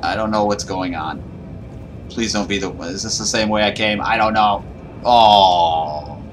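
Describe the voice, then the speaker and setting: A man's voice: fairly low pitch, a little slow, slight background noise. Jumpy man narrating a horror game. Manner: nervous, panicky self-talk. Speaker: gaming YouTuber. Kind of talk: horror game let's play commentary.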